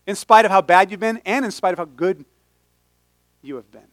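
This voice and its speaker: A man preaching a sermon in an animated, humorous way, often stopping and restarting his sentences. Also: sits high, normal speed, dry recording. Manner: animated, humorous, self-interrupting. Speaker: pastor.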